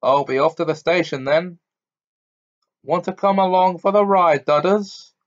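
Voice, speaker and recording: A man's voice: high-pitched, a little slow, highs cut off, pitched above the performer's own voice. A man doing a blustering, snarling bully of an uncle. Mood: hearty. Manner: snarling, bellowing, threatening. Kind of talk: audiobook character reading.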